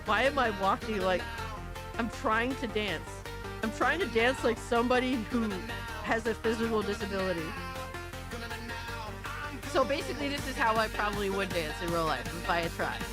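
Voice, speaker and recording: Woman streamer yelling and cussing at clips, music playing loud under her. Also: fairly high pitch, normal speed, pauses often. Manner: loud, exasperated, swearing, often shouting in disbelief. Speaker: streamer reacting to viewer videos. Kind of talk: live-stream reaction commentary.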